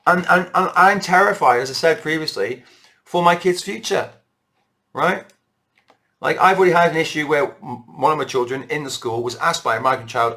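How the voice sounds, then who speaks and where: Impassioned British man ranting, bright voice. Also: fairly high pitch, moderate pace. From Britain. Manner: rambling, impassioned rant. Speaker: political vlogger. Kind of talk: unscripted monologue to camera.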